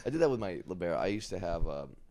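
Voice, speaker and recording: A young man from Northern California, co-hosting a podcast and telling energetic stories in casual chat. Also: low voice, fast talker, a little hiss or hum. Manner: energetic, swings into loud retellings.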